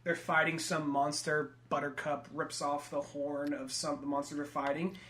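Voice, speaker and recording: A man's voice: a little high, little pitch movement, moderate pace, fairly bright tone. A man co-hosting a casual comedy podcast, joking, swearing freely and slipping into comic voices. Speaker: podcast co-host.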